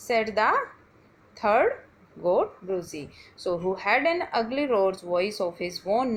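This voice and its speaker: A woman, teaching a class and reading a story aloud slowly, often stopping to say "okay" and "dear students". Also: mid-range voice, very animated, rough recording. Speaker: English teacher.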